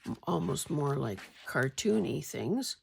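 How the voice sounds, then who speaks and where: A woman vlogger talks through her finds in a casual, wry, rambling way, stopping now and then to clear her throat. Her voice sits a little low and has a gravelly edge. A faint hiss runs under the recording. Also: big pitch swings, a little slow. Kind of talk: casual show-and-tell chat.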